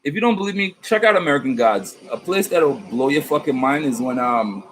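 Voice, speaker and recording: A tarot reader on his vlog, this man speaks briskly in a mid-range voice about spirit guides. His manner is casual, slangy, profane, rambling, and animated, and the low-quality audio has a little hiss or hum.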